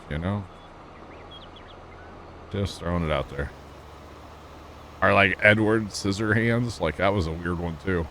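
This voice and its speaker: A man's voice: low voice, unhurried, pauses often, fairly bright tone, slight background noise. A man streaming a farming game, chatting casually in a joking, wry way and talking to his chat. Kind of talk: casual chat while gaming.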